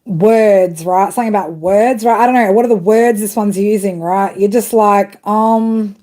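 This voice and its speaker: A woman's voice: medium pitch, moderate pace, dark tone. A woman doing a casual live tarot reading, chatty and full of swearing, calling her viewers girl and babe. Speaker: tarot reader.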